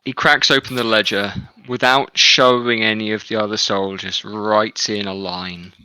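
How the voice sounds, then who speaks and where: Bright-voiced game master. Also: male voice, fairly low pitch, fairly even intonation, normal speed, smooth, dry recording, low-quality recording. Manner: loose narration with frequent fillers. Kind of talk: running a tabletop game.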